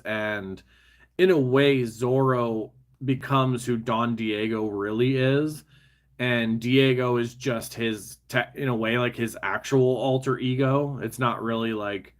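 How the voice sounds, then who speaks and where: A man talking casually as he builds a toy set, rambling, muttering to the pieces and laughing at himself. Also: mid-range voice. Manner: chatty, self-mocking, often laughing to himself; mutters and talks to the pieces while fiddling.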